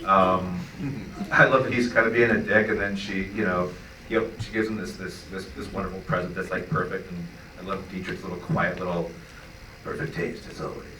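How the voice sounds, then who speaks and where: A man's voice: deep voice, fairly even intonation, fairly quick, background noise. A man on a film panel talking enthusiastically, stumbling over repeated restarts. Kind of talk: panel Q&A answers. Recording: echoey hall, distant mic.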